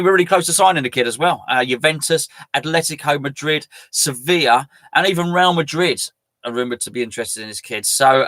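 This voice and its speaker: A man's voice: mid-range voice, sharp tone, no echo. A man hosting a live fan stream, talking casually in a chatty, rambling way. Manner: chatty, rambling, self-mocking. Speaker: fan channel host.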